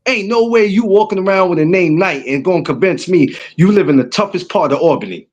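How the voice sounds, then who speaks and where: A man with a New York accent talks in an easy, slangy way, looping back with asides as he tells stories. His voice sits a little high for a man. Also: lively intonation, a little fast, highs cut off. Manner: laid-back street slang, storytelling with repeated asides. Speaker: guest. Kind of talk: casual chat.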